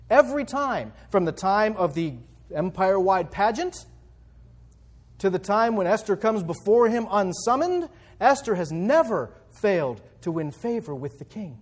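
Male Bible teacher, high voice, conversational, quick rhetorical questions. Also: darkish tone.

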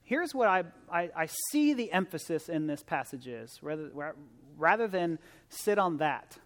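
A man's voice: on the high side, very animated, moderate pace, a bit bright. A man giving a sermon as a visiting preacher, earnest and conversational, often restarting and repeating words, rising to emphatic exhortation. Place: church sanctuary. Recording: long reverb of a large church hall.

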